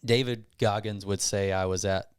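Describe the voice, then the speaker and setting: Smooth low-voiced man telling a story. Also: normal speed, no room sound, clean studio sound. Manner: rambling, animated retelling with self-quotes. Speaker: gym owner guest. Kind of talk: casual podcast storytelling.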